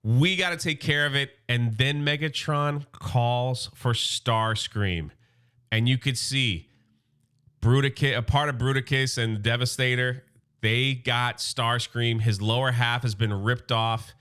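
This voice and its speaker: A man recapping a comic book in a casual, slangy, excited way. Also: mid-range voice, slow, smooth.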